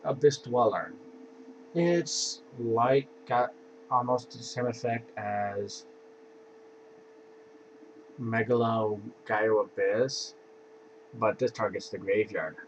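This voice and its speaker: Taking it slowly and pausing often, a man with a mid-range voice walks through his card deck in a relaxed, offhand manner, with sighs and yawns between cards. The home recording is dull and lo-fi, with a faint hiss.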